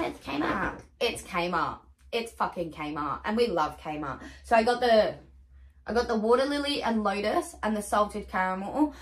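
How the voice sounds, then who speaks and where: A young woman talks through a casual haul vlog in a middle-pitched voice. She gushes, rambles and swears casually, chatty and unscripted. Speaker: vlogger.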